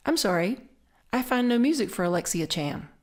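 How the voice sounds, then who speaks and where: A woman's voice: mid-range voice, lively intonation, fairly quick, lightly acted. A woman with a Southern accent voicing a polite female voice assistant who keeps apologizing in a mechanical way. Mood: apologetic.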